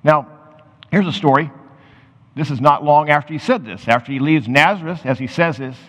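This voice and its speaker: A pastor preaching a sermon, reading scripture aloud and then explaining it in loose, conversational asides. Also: male voice, fairly high pitch, moderate pace, a bit bright. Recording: muffled sound with long hall reverb.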